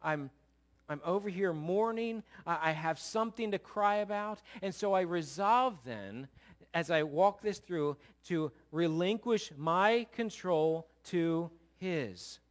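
High-voiced preaching man. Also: expressive, slow pace. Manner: dynamic preaching, swinging from loud emphatic exclamations to low quiet asides. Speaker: pastor. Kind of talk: sermon.

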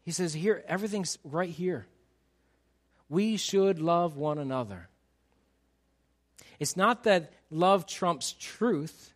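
A man preaching a sermon to his congregation, animated and emphatic, teasing the crowd and acting out quotes. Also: on the high side, slow, long pauses. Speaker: pastor.

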